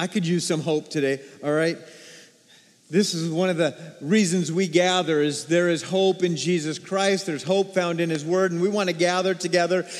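High-voiced pastor preaching in a reverberant hall. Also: male voice. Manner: energetic, call-and-response with congregation. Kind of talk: sermon. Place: church sanctuary.

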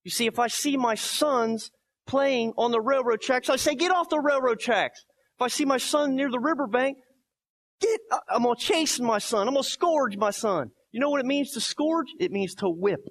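Emphatic male pastor, 30s, high and gravelly, preaching a sermon. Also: moderate pace. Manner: preachy, emphatic, swings between soft quotes and loud barking.

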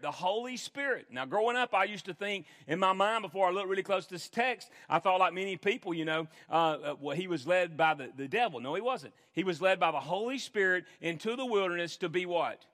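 A man's voice: high-pitched, expressive, normal speed, fairly bright tone. A man preaching a sermon as pastor, earnest and emphatic, repeating phrases for stress. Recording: long hall reverb.

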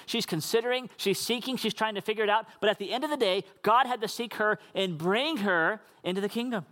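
A pastor preaching with a notably high male voice. He talks earnestly and conversationally, breaking into casual asides for the congregation. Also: fairly bright tone. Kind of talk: sermon.

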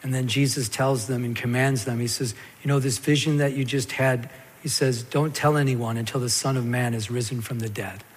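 A man preaching a sermon as a pastor, telling the scripture story in a lively way and acting out the stammering parts. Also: medium pitch, normal speed, slight background noise. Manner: animated storytelling, acts out Peter's stammer. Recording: long hall reverb.

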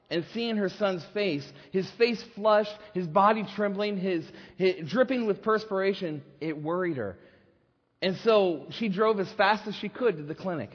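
High-voiced male preacher telling a story. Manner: animated storyteller with many restarts. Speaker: pastor. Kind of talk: sermon storytelling. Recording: slightly dull lo-fi recording.

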